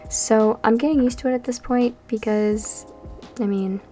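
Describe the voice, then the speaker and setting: A woman's voice: on the high side, steady tone, normal speed, dark tone. A nineteen-year-old woman from Canada, chatting in a rambling, tired way while narrating a game build at home. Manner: rambling and chatty, with frequent fillers. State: tired and a bit out of breath. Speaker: Sims builder and YouTuber. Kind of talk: casual chat over a speed build. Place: home room during a storm. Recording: background music.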